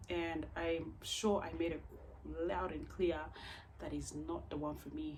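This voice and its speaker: Young woman vlogger, expressive storyteller, slow and unhurried with a lowish voice. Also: a little hiss or hum. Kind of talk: storytime vlog.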